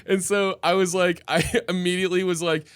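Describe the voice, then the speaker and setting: A man's voice: sits high, level tone, brisk, clear, resonant tone, dry recording. A man co-hosting a podcast from inside a bar, chatting casually, laughing often and acting out what customers said. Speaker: podcast co-host. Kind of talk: casual chat, telling bar stories.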